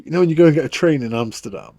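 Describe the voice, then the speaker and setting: A man co-hosting a podcast, telling stories in a casual, animated way. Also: a little high, rapid-fire, no room sound. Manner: animated storytelling with frequent laughs. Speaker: podcast co-host. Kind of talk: casual chat.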